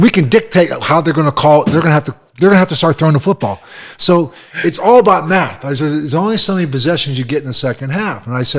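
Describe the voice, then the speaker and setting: A man in his sixties, a guest at a bar, chatting casually and telling animated stories. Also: a little high. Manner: animated storyteller, acts out quotes. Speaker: guest, former head coach.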